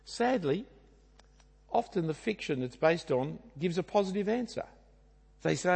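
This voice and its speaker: Australian man, preacher, lively pitch, husky voice, long hall reverb. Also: a little slow, long pauses. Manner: conversational, rhetorical asides and tag questions. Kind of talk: sermon.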